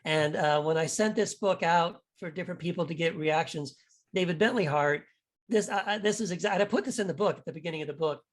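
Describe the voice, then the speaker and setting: A man's voice: a little high, fast. Male author guest, casual and candid, rambling delivery, easy laughter. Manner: candid, rambling, self-deprecating, laughs easily. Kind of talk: casual interview conversation.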